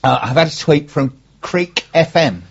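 A man hosts a local radio chat show, his voice husky from a sore throat. He talks with dry, teasing banter, and the sound is dull and muffled, like a small studio on a modest line. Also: fairly high pitch, lively intonation, normal speed.

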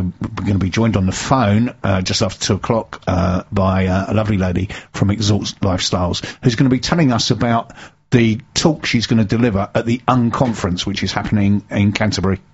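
A man's voice: on the low side, breathy edge, highs cut off. A man hosting a local business radio show, joking casually and stumbling over his words. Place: radio studio.

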